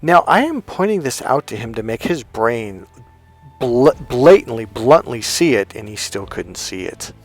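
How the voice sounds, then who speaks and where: A man's voice: mid-range voice, very animated, unhurried. Man, dating coach, blunt, emphatic, swears freely, faint background music. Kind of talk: storytelling monologue to camera.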